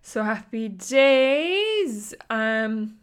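A woman's voice: on the high side, sing-song, very slow, clean tone. Chatty Irish woman in her twenties. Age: 20s. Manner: chatty and rambling, peppered with "like", laughs often. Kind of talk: casual chat.

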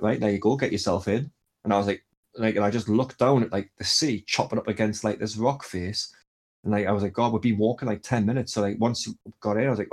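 A young man tells a long, rambling story, packed with fillers and casual swearing. His voice sits low and sounds husky. The talk is loose and chatty. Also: darkish tone. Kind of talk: casual chat.

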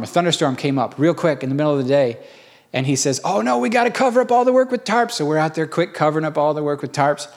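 A man preaching a sermon in a folksy, lively storytelling way. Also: on the high side. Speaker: pastor.

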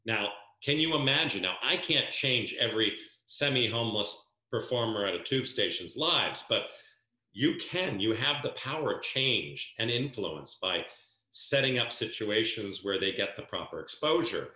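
A man from New Jersey, a guest telling stories in an animated way and acting out dialogue. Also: on the low side, normal speed, roomy sound. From New Jersey, USA. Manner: lively storyteller who acts out quoted dialogue. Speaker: guest, events planner. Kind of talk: animated storytelling.

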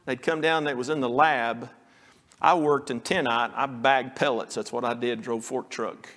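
A man's voice: medium pitch, steady tone, normal speed, a bit bright, long reverb tail. A male pastor preaching an earnest sermon, now and then acting out the pleading lines of the story. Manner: earnest preaching, acts out quoted pleas.

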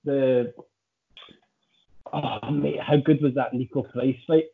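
A man's voice: mid-range voice, fairly even intonation, takes it slowly, vocal fry. Sweary man on a tinny line. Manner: sweary, teasing, laughing banter. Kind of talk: casual chat.

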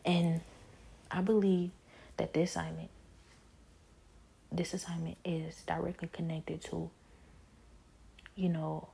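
Low, flat, gravelly-voiced woman testifying. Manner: earnest, halting, many restarts and filler phrases. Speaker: believer sharing a personal testimony. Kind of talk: personal religious testimony.

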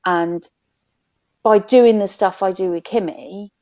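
A woman's voice: medium pitch, takes it slowly, dark tone, highs cut off. A woman in her thirties, chatting openly as a podcast guest and telling stories with laughter. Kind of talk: casual chat.

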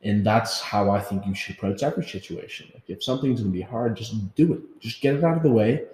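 A man's voice: on the low side, quick pace, darkish tone. A man hosting a casual podcast conversation, talking earnestly and motivationally, swearing casually. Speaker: podcast host. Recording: echoey room with faint noise.

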